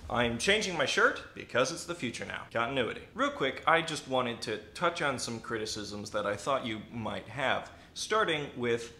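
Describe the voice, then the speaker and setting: A man delivering sarcastic, animated commentary with a crisp, bright tone. The recording has the echo of a bare room. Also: mid-range voice, moderate pace, hardly any pauses. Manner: sarcastic, animated, self-aware. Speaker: video essayist. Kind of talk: comedic commentary video.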